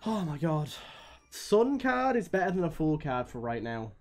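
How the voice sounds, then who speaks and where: A man's voice: fairly high pitch, moderate pace. Swearing man streaming a game. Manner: swears often, swings between groaning and excited yelps. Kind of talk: live gameplay commentary.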